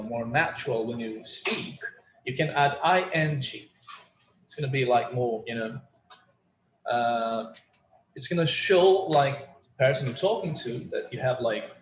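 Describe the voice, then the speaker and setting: A man teaching an online English lesson, chatty and full of fillers, leading the class through phrases to repeat. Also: medium pitch. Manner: chatty, many fillers, drills phrases for repetition. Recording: roomy echo with faint room noise.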